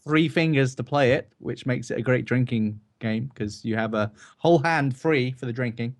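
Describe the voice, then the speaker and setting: A man who streams, chatting casually about games in a relaxed, rambling, joking way. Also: mid-range voice, moderate pace. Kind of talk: casual chat.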